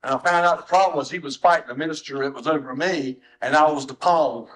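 Emotional pastor preaching. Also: male voice, quick pace, rough recording. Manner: emotional, swings from soft low tones to high strained cries. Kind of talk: sermon. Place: church sanctuary.

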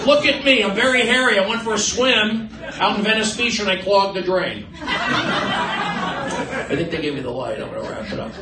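A male stand-up comedian doing loud, pushy crowd work on a club stage. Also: high voice, expressive, normal speed, pauses often. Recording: roomy club sound from a distance.

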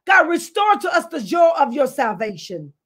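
A woman's voice: high-pitched, very animated, normal speed, a bit bright, shouting. A woman pastor preaching a fervent online sermon full of repeated declarations, tearful and near crying at times. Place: online service, speaking to a screen.

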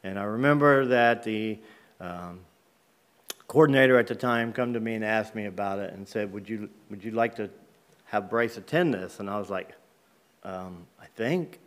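A man's voice: on the low side, normal speed. A middle-aged man from Ohio, a guest speaker in church, telling a personal faith story in a folksy, plain-spoken way with many ums. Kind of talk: personal testimony sermon. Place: church sanctuary.

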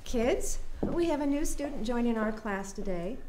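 Actress as a bubbly elementary teacher; animated, higher voice, roomy classroom sound. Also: female voice, moderate pace, noisy background, lightly acted. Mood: cheerful. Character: friendly elementary school teacher, woman. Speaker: schoolteacher. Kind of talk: scripted drama acting.

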